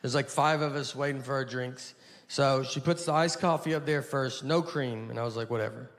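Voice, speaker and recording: A man, performing a stand-up comedy monologue with understated, deadpan storytelling. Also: medium pitch, moderate pace. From Tennessee, USA. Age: 40s. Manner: deadpan, understated storytelling with bemused quoted dialogue. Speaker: comedian hosting a TV sketch show. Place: stage of a TV studio before a live audience. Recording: noisy live studio audience laughter.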